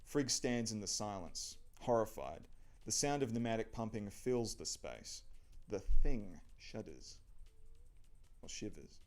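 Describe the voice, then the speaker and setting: A man's voice: fairly low pitch, very animated, slow. A man reading his own screenplay aloud, narrating the action dramatically. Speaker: channel host reading his script.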